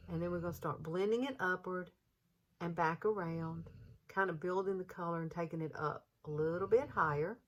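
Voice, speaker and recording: Southern woman, 50s, lowish voice, chatty and reassuring makeup-tutorial host. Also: a little hiss or hum. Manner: chatty and encouraging, folksy.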